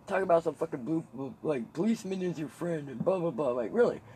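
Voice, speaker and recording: A man hosting a podcast, chatting casually and telling animated stories with swearing, laughter and mimicked voices. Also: a little high, moderate pace, a little hiss or hum, poor audio. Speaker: podcast host. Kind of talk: casual chat.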